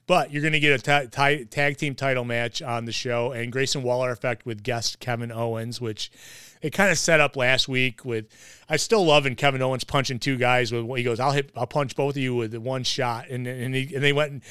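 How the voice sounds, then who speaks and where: A man's voice: medium pitch, fairly even intonation, a little fast, sharp tone, clear, resonant tone, dry recording, clean studio sound. A man hosting a casual wrestling podcast, rambling with lots of fillers and restarts. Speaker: podcast host.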